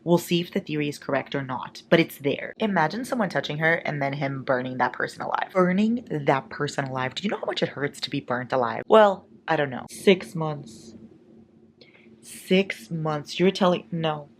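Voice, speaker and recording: A young woman chats through a casual reading vlog in a low voice, swinging from near-whispers to loud outbursts. A faint hiss of noise sits behind her. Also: moderate pace. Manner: dramatic and animated, swings from whispers to exclamations. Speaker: book vlogger.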